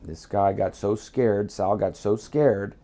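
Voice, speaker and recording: A man's voice: lowish voice, slow, warm tone. A middle-aged man from Miami, telling a blunt, profane story as a guest. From Miami, United States. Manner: blunt, swears freely, acts out quotes.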